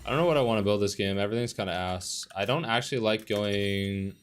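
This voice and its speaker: A man's voice: fairly low pitch, fast, smooth. Young man, game streamer, live commentary, swearing, frustrated rant. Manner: frustrated, swearing, ranting about teammates. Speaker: streamer playing a competitive online game.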